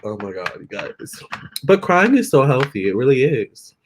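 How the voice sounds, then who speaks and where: A young man chatting casually with viewers during a live stream, expressive and talking straight to his audience. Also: medium pitch, normal speed, slight background noise. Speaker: live-stream tarot reader.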